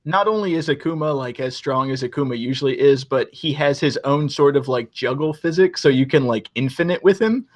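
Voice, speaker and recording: A man's voice: medium pitch, a little fast, hardly any pauses. A young man co-hosting a podcast, chatting casually and enthusiastically, with some swearing and rambling. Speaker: podcast co-host. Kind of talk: casual chat.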